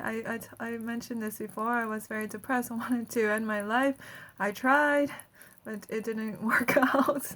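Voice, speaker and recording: A woman's voice: a little high, fairly bright tone. A woman energy healer giving a casual guided healing talk, chatty and laughing often between phrases.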